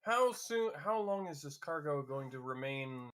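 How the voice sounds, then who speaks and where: Give me a man with a crisp, bright voice, politely questioning in character during a tabletop game. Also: a little high, lively intonation, measured pace, slight background noise. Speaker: player. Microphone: home mic on a voice call.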